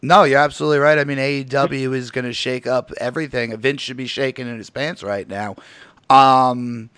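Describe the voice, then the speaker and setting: A man's voice: medium pitch, fairly even intonation, moderate pace, a bit bright, clear, resonant tone, dry recording. A man hosting a casual online hangout show, laid-back and laughing often as he reads out the chat and talks with callers on a home mic. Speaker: host.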